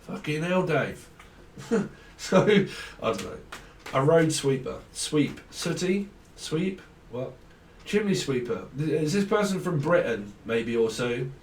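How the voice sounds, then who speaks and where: Male tarot reader, rambling and giggly, mid pitch, echoey room, distant mic. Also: animated, slow pace, slight background noise. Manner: rambling, free-associating, laughs often. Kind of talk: casual tarot channelling.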